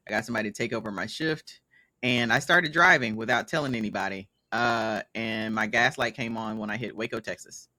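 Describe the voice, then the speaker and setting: A man's voice: on the low side, brisk, bright, forceful tone, no room sound. A man in his thirties from Mississippi, a guest telling stories in casual conversation and laughing often.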